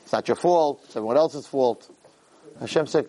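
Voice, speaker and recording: A man teaching a Torah lesson in an animated way, acting out quotes and repeating words for emphasis. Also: mid-range voice, moderate pace. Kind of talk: Torah lecture.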